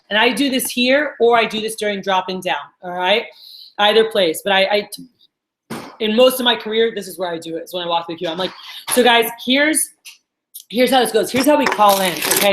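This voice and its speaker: Speaking in a mid-range, slightly bright voice, this woman coaches a sales team with energy, peppering her group training talk with "all right?" check-ins. The room is echoey and the audio poor.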